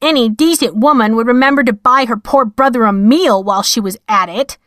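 A woman's voice: on the high side, fairly quick, a bit bright, no echo, clean studio sound, close to an everyday voice. A woman voicing a huffy, complaining male talking cat in a storybook reading. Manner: whiny, aggrieved.

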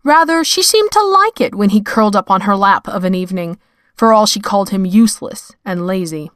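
A woman reading fiction aloud in a measured, wry storytelling manner. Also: mid-range voice, lively intonation, fairly bright tone, no room sound, studio quality. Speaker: narrator. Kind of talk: scripted fiction narration.

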